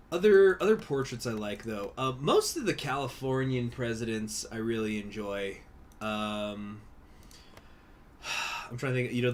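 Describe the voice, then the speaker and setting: A man's voice: medium pitch, a little hiss or hum. A man casually commenting while streaming a strategy game, chatty and rambling with many fillers and restarts.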